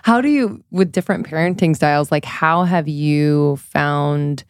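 Slow, smooth low-voiced woman. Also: no room sound, studio quality. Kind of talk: casual podcast chat.

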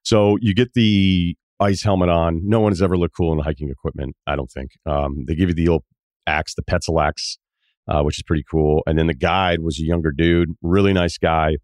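A man's voice: deep voice, moderate pace, no room sound, studio quality. A man hosting a podcast, telling a casual travel story and acting out the other people's lines in shifting voices. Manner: animated, acts out quoted dialogue in shifting voices. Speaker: podcast host.

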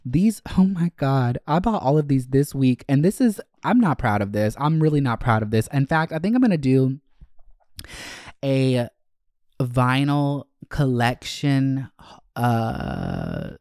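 A man hosting a casual solo podcast. He talks candidly and profanely, rambling with fillers and self-corrections, and his pitch jumps high when he gets emotional. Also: very animated, unhurried, darkish tone, no echo, clean studio sound. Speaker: podcast host.

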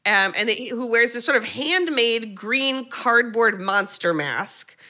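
A woman's voice: fairly high pitch, animated, takes it slowly, bright, forceful tone. A woman co-hosting a podcast, recapping a movie in a playful, rambling way with jokey asides. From United States. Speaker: podcast co-host. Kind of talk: casual comedic movie recap.

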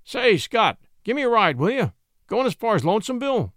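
A man voicing a pushy male deputy in a storybook reading, talking loud and insistent. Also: sits high, very animated, fairly quick, dry recording, studio quality, voice pushed up. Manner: loud, insistent country talk. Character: pushy rural male deputy hunting a fugitive.

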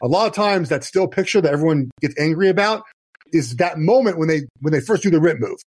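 A man's voice: on the high side, expressive, fast, a little mellow, slightly rough. A former football player in his thirties, guest on a talk show, explaining plays in a casual, restart-heavy way. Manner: explanatory, many restarts and "you know". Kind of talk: casual podcast chat.

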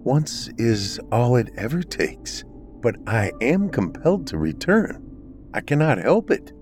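A man's voice: medium pitch, sing-song, a little slow, darkish tone, faint music behind, pitched above the performer's own voice. A man voicing a weary, haunted woman. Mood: pleading.

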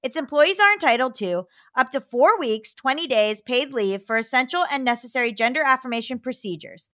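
A woman's voice: high-pitched, lively intonation, fairly quick, a bit bright, no room sound, studio quality. A woman co-hosting a podcast, reading listener letters aloud and riffing with a laugh between them.

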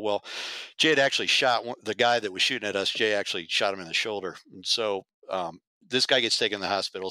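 A middle-aged man, a former undercover agent, telling animated and profane stories as a podcast guest. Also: lowish voice, smooth, no echo. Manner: animated, profane, acts out quotes. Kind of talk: casual storytelling.

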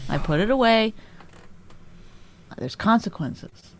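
A woman's voice: a little high, expressive, slow pace. A woman co-hosting a podcast, teasing and needling her partner in casual bickering chat. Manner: teasing, needling, laughs often. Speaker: podcast co-host.

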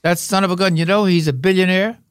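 An older man, a veteran actor and podcast guest, telling rambling, wry anecdotes with halting fillers. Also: high-pitched, steady tone, clean tone, no room sound, clean studio sound. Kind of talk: anecdotal interview talk.

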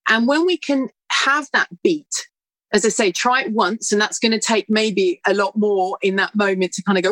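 A woman's voice: medium pitch, normal speed, no room sound. Earnest woman, dry sound. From United Kingdom. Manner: earnest, animated storytelling. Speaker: guest. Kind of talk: conversational interview answer.

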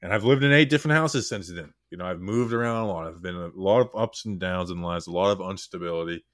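Low-voiced man hosting a podcast. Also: fast, no room sound, studio quality. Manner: candid, subdued and heartfelt. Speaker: podcast host. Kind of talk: casual podcast chat.

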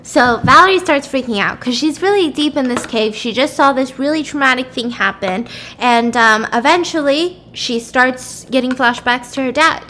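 A woman's voice: high voice, pushed and bright, a little hiss or hum. A woman casually recapping a story while cooking, rambling with lots of filler words. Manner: fast, rambling, full of "like". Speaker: vlogger.

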